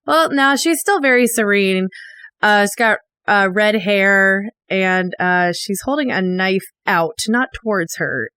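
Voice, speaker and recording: A woman's voice: medium pitch, slow pace, pushed and bright, smooth, no room sound. A woman chatting and laughing at a tabletop game, thinking aloud as she describes a card. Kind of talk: casual chat at the game table.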